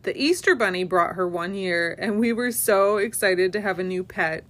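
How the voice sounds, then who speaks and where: A woman, a parent hosting a family podcast, reading a children's storybook aloud with expressive, animated delivery. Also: mid-range voice, normal speed.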